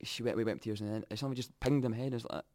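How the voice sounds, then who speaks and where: A young Scottish man telling his own story candidly, reflective and halting, often restarting his sentences. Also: mid-range voice, steady tone, darkish tone, no room sound.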